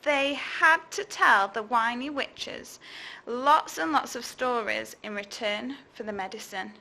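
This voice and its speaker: A woman teacher reads a picture book to young children, stopping now and then to ask them questions. Her voice is bright, with a slightly high pitch. She takes each line slowly and expressively. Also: animated, vocal fry. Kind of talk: reading a storybook to children.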